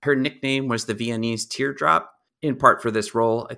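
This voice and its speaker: A young man co-hosting a podcast, explaining film history in a relaxed, informative way with a dry sense of humor. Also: mid-range voice, moderate pace, creaky. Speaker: podcast co-host. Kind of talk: casual movie review chat.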